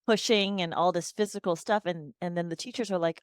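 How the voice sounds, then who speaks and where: A woman's voice: lowish voice, steady tone, a little fast, hardly any pauses, clean tone, no echo, clean studio sound. A woman in her forties, a speech-language pathologist, chatting casually as a podcast guest and slipping into a sing-song tone when she models talking to children. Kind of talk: casual interview conversation.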